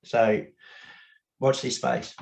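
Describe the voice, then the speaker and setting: A man's voice: mid-range voice, flat delivery, drawn-out words, gravelly, low-quality recording. Candid Australian man, podcast guest. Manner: candid, blokey, swears, laughs easily. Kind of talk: casual podcast interview.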